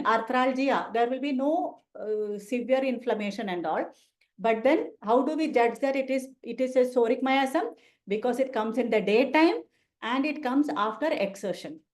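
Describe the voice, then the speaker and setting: A woman gives a relaxed case-discussion lecture to students. Her voice sits somewhat high for a woman, and she talks in a loose, conversational way, tagging points with questions and slipping into acted patient lines. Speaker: homeopathy teacher.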